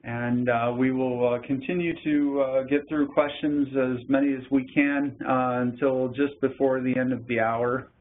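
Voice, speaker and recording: A man moderating a webinar, announcing upcoming sessions and reading out questions in a halting way with many fillers. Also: medium pitch, little pitch movement. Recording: tinny phone-like line.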